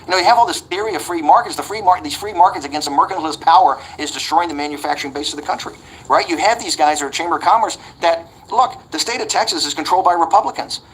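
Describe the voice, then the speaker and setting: A man in his sixties talks in a fast, pushy rush as an interview guest. He is blunt and combative, stumbling over repeated words as he drives his point. A faint ambient hum sits under the voice. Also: a little high, a bit bright, low-quality recording. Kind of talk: animated interview storytelling.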